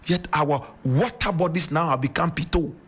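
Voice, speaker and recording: A radio commentator with a Ghanaian accent delivers impassioned, emphatic, preaching commentary full of rhetorical questions. His voice is fairly high, a bit bright and breathy-edged, at a moderate pace.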